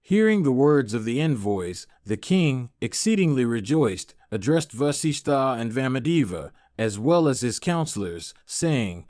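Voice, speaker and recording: A man narrating an audiobook of an old epic translation in a measured, even reading. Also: mid-range voice, no room sound, clean studio sound.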